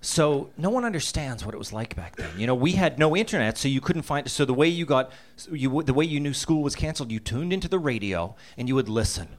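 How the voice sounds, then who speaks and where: A man in his fifties from Massachusetts spins a comic childhood tale in a voice of middling pitch. He laughs through his lines, and he breaks into little voices and sound effects as the story builds. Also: lively intonation, quick pace, hardly any pauses. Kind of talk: comedic personal storytelling.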